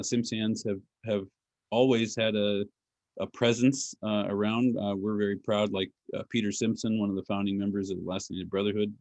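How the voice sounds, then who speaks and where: A man's voice: fairly low pitch, darkish tone, dry recording. A man giving a patient language lecture, explaining pronunciation step by step with dry humor. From Alaska. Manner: dry self-deprecating humor. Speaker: language teacher and speaker. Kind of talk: lecture with audience questions.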